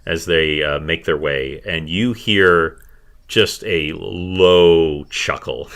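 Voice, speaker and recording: A man narrating as game master of a tabletop game, building suspense in a hushed, storytelling manner. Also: low-pitched, takes it slowly, creaky, clean tone.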